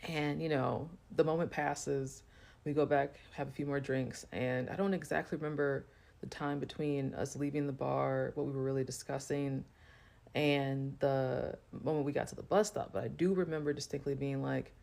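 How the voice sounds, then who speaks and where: A woman's voice: a bass voice, steady tone, normal speed, gravelly, darkish tone. A woman telling a personal story to camera in a loose, chatty way, full of fillers. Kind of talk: casual storytime monologue.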